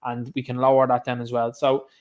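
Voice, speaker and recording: A man's voice: medium pitch, completely flat delivery, a little fast, darkish tone. A man with an Irish accent giving solo commentary to camera, sarcastic and scoffing in tone. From Ireland. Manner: sarcastic, scoffing, mocks others in put-on voices. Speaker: online commentator.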